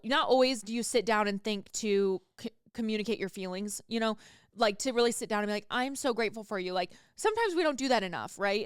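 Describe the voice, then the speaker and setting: Recorded dry in a clean studio, this podcast host has a clear, resonant mid-range voice. She talks casually and openly, cursing without restraint.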